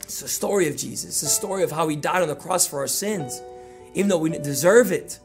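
Male pastor, energetic conversational sermon, repeats key phrases, high-pitched voice, faint music behind. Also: quick pace, creaky.

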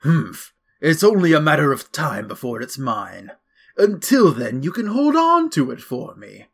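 A man's voice: fairly high pitch, very animated, measured pace, fairly bright tone, slightly rough, exaggerated voice. Man doing Doctor Eggman, pompous villain. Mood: smug. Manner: pompous, theatrical villain delivery. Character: scheming male mad scientist villain, grandiose.

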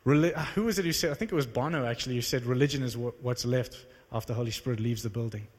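A young man from South Africa preaching a sermon, telling a personal testimony with animated storytelling that rises into excited exclamations. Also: mid-range voice, quick pace. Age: young adult. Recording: reverberant hall.

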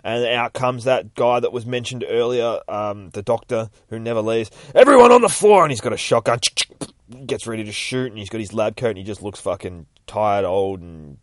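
Casual, sweary male comic reviewer, low voice, dry close sound. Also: steady tone, moderate pace, no room sound.

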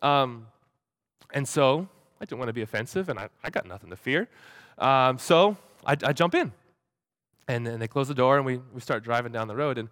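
A man's voice: medium pitch, animated, a bit bright, dry recording. Young guy telling a church story, keeps tripping over his words, dry close sound. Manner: halting, many repeated words; acts out quoted voices animatedly. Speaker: speaker at a church gathering. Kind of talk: storytelling talk.

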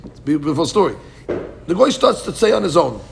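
A man teaching a lively Talmud class, quick and animated, acting out the story's voices. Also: a little high, vocal fry, a little hiss or hum.

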